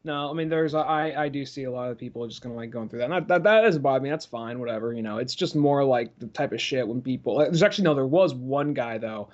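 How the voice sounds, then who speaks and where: Man, podcast co-host, casual chat, rapid delivery, rambling and profane, dull lo-fi audio. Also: medium pitch. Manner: rambling, profane, acts out quoted people.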